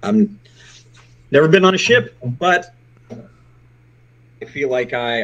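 A man's voice: fairly high pitch, big pitch swings, slow, pauses often, a bit bright, low-quality recording. A man playing a tabletop game, speaking hesitantly in character. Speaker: player.

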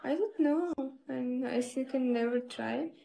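A woman's voice: high voice, unhurried, creaky, dark tone, slight background noise. A young woman live streaming, chatting casually with viewers in simple broken English and laughing often.

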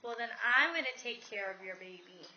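A young woman filming her toddler at home, coaxing her in sing-song baby talk with gentle questions. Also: mid-range voice, animated, fairly quick. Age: young adult. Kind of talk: home video, talking to a toddler. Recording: dull lo-fi home camcorder sound, faint hiss.

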